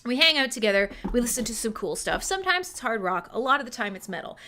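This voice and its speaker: A woman's voice: fairly high pitch, sing-song, quick pace, pushed and bright, a little hiss or hum. A woman hosting a casual livestream radio show, chatty and scattered, giggling a lot and swearing freely. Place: home streaming setup.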